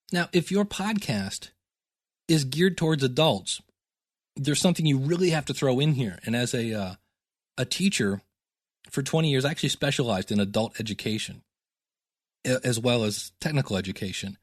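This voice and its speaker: A man's voice: a little high, no room sound, studio quality. A middle-aged man teaching podcasting in a chatty, self-deprecating solo talk with goofy asides.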